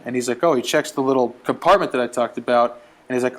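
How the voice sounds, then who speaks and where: A man's voice: medium pitch, fast. Man telling a travel story. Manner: animated, acts out quotes. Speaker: guest storyteller. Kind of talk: casual storytelling.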